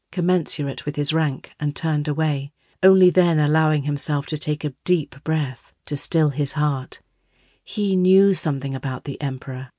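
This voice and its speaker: A woman reading an audiobook in measured, scripted narration. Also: deep voice, darkish tone, dry recording, studio quality.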